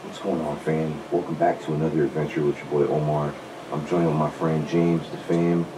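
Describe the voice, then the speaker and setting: A man's voice: extremely low pitch, little pitch movement, fairly quick. A young man hosting an exploration vlog, talking directly to his viewers in a hyped way, heard from a video playing in the background. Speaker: vlogger. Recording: distant echoey video playing with noise.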